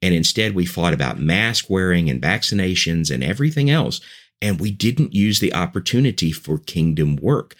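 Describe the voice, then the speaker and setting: A man speaking earnestly as a podcast guest and preacher, making his case point by point in relaxed conversation. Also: low-pitched, moderate pace. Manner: earnest, persuasive, building points in lists.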